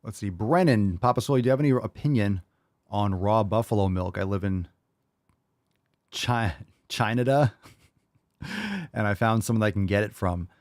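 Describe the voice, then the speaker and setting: A young man hosting a live call-in fitness show, answering questions casually with bursts of loud, swearing hype. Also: lowish voice, a little fast, dry recording, clean studio sound. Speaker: podcast host.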